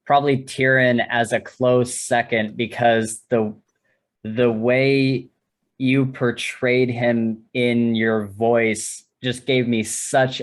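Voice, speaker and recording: Brief: male co-host, unhurried and hesitant, mid pitch, casual chat. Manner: slow, searching, hedging with "like" and "kind of". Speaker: podcast co-host.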